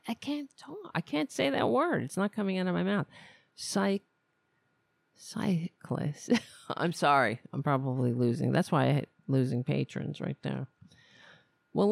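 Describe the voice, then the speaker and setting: A woman's voice: deep voice, gravelly, darkish tone, dry recording. A woman hosting a live political commentary stream, ranting with scorn and stumbling over her words.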